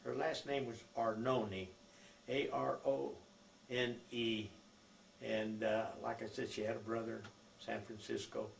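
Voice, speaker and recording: Older male narrator, rough gravelly voice, easygoing anecdote-teller, roomy recording. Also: mid-range voice, little pitch movement, unhurried. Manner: rambling folksy storytelling with many fillers. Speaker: oral history narrator. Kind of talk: recorded life-story reminiscence. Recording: echoey room with faint noise.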